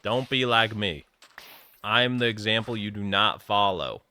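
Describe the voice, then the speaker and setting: A man's voice: on the low side, moderate pace, bright, forceful tone, slight background noise. A young man streaming a game, chatting casually and jokingly, rambling and now and then slipping into a put-on southern twang. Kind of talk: casual gaming stream chat.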